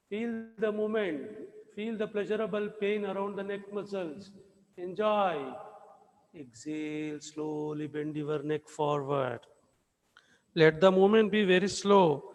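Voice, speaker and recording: A man with a fairly high voice gives slow, repeated cues to inhale, exhale and move gently. He leads a guided yoga practice, and his voice rings in an echoey room with a long reverb tail. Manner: slow, repetitive breathing and movement cues. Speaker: yoga instructor.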